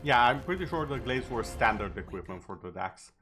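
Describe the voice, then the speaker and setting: A man's voice: medium pitch, expressive, brisk, sharp tone, soft background music. A male streamer in casual chat over gameplay, talking easily and tossing in sarcastic asides.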